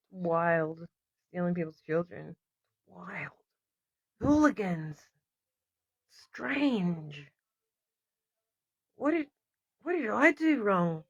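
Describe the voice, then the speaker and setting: A woman's voice: medium pitch, dry recording. A woman talks in an emotional, rambling monologue to camera and keeps breaking off to apologize. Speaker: vlogger. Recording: dull lo-fi recording.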